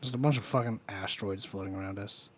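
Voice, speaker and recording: A man's voice: lowish voice, fast talker, slight background noise. Male co-host, casual chat, enthusiastic and profane. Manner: excited, swearing, nerding out. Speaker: podcast co-host.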